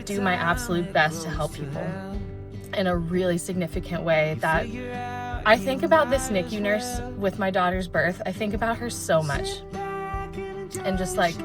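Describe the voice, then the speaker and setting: A young adult woman talking casually to camera as a vlogger, chatty and full of "like" fillers. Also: fairly low pitch. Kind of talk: casual vlog chat. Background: loud background music.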